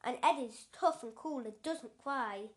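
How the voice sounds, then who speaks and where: A woman's voice: high-pitched, a little slow. A woman voicing a bossy male brain numbskull who lives inside a boy's head.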